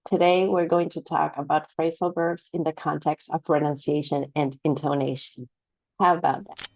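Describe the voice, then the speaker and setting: A woman's voice: low-pitched, fairly even intonation, normal speed, darkish tone, no room sound, rough recording. A woman teaching a pronunciation lesson to camera, explaining patiently and often checking in with "right?". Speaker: English teacher.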